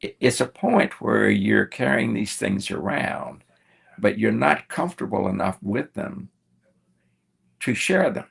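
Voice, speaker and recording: Older man, gravelly, husky, podcast guest, storyteller, acts out dialogue. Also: fairly low pitch, lively intonation, takes it slowly. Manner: warm storyteller acting out quoted dialogue.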